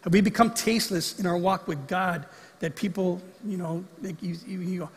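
A man with a high, husky voice preaches a sermon in a conversational way and slips in acted-out quotes. His voice carries through a church sanctuary with a long reverb of a large hall. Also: steady tone, moderate pace. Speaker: pastor.

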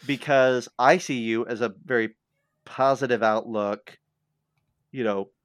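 A man co-hosting a podcast in casual chat, wry and animated, piling up asides as he makes his point. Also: mid-range voice, measured pace, no echo, clean studio sound, faint music behind. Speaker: podcast co-host. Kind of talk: casual book discussion.

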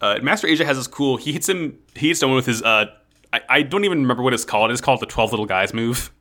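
A man with a bright, forward voice at a middle pitch, chatting casually on a podcast. He narrates the plot, throws in jokes, and swears freely. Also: expressive, fast. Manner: joking, profane, narrates plot. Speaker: podcast co-host. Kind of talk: casual chat recapping an anime.

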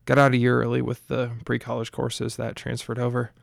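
An anxious young officer, as a narrator puts him on speaks in a halting, awkward way. The voice is gravelly and heard dry and close. It is a storybook reading. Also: male voice, medium pitch, monotone, no echo.

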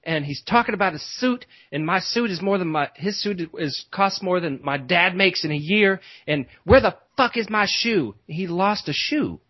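A man's voice: high-pitched, moderate pace, few pauses, dry recording, muffled recording. Rambling man telling a story. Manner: rambling, many restarts and asides. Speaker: podcast host. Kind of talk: casual storytelling.

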